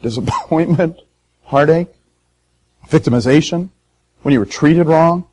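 Man, pastor, sermon, emotional emphatic delivery, fairly high voice, very lively pitch. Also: rough recording. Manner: emotional, emphatic preaching with sharp swings in loudness. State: hoarse.

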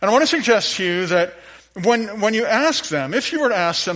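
A man preaching a sermon at church as the pastor, playful and animated, with the congregation joining in. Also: sits high, fairly quick. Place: church sanctuary.

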